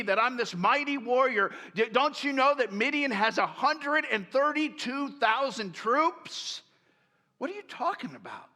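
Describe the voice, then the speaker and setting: A man's voice: extremely high pitch, pushed and bright, pitched above the performer's own voice, full character voice. A man voicing a frightened, whining young man who makes excuses, in a reverberant hall. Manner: whining, incredulous. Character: scared whiny young man hiding from enemies.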